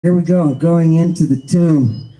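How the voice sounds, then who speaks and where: A man hosting an animated livestream lecture, excitable and exclamatory, with frequent joking asides. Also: on the high side, unhurried, poor audio. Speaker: livestream host.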